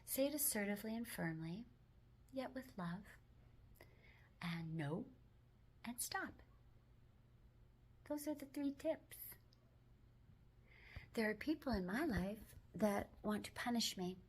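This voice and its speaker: A woman hosting a self-help video, talking gently and mostly in a whisper, with firmer spoken phrases now and then. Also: medium pitch, lively intonation, slow, pauses often, breathy edge.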